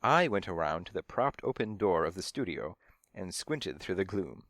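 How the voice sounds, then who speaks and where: Low-voiced man narrating a detective tale. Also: very animated, normal speed, fairly bright tone, no echo, clean studio sound. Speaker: audiobook reader. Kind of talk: first-person detective narration.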